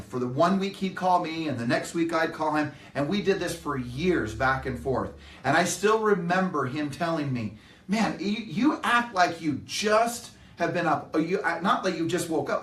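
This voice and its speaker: A man's voice: a little high, a bit bright, a little hiss or hum. A middle-aged man giving a motivational talk to a live audience in an earnest, emphatic way, acting out the voices he quotes. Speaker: motivational speaker. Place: meeting room with live audience. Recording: echoey room, mic at a distance.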